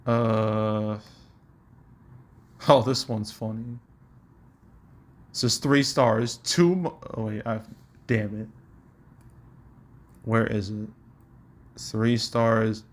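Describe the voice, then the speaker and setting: A man's voice: lowish voice, very slow, long pauses. A young man hosting a casual commentary, reading audience reviews aloud with fillers, stray hums and chuckles. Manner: rambling, chuckling, filler-heavy. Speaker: host.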